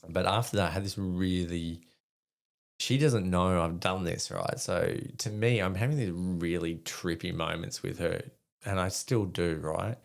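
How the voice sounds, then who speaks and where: Deep gravelly man, rambling. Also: a little slow. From Australia. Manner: rambling, frank, with many fillers and restarts. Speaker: podcast guest, army veteran. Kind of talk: candid conversational storytelling.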